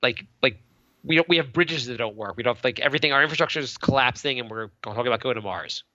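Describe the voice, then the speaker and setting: A man's voice: medium pitch, quick pace, no room sound. A man in his thirties co-hosting a podcast, chatting casually and rambling with lots of restarts. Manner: rambling, animated, many restarts and stammers. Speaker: podcast co-host. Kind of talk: casual chat. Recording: dull lo-fi dry sound.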